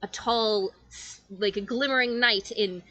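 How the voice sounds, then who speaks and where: A woman's voice: mid-range voice, fairly even intonation, unhurried, sharp tone, dry recording, low-quality recording. A woman narrating a tabletop game as game master, in flowing, descriptive storytelling.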